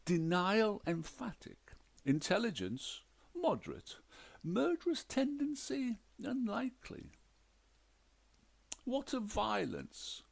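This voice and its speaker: A man voicing a deadpan, precise male detective with wry phrasing. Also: high voice, slow, creaky, voice pushed up, exaggerated voice. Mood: probing.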